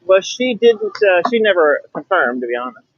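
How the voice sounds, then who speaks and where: A man's voice: sits high, very animated, normal speed, dull audio. A man co-hosting a casual livestream while riding his motorbike, chatty and laughing often. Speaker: livestream co-host. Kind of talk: casual chat. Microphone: camera on a bike mount.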